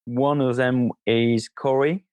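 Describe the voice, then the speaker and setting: A man's voice: medium pitch, steady tone, slow, darkish tone, clean tone, no echo. A man in his thirties from the south of France with a French accent, a podcast guest talking hesitantly with many fillers. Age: 30s. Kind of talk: casual podcast interview.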